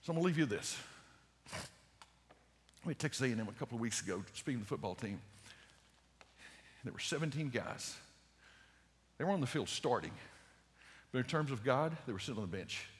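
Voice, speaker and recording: An older man preaching an evangelistic sermon, telling stories fervently and swinging from loud urgent peaks to hushed lows. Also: expressive, a little fast, long pauses. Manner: storytelling with many repeated words. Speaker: speaker. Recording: long reverb in a large hall.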